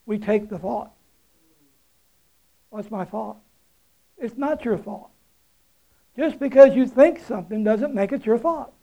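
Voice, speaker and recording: A man's voice: sits high, warm tone, rough recording. A man preaching a sermon, retelling a story in a folksy, conversational way with chuckles and emphatic repetition.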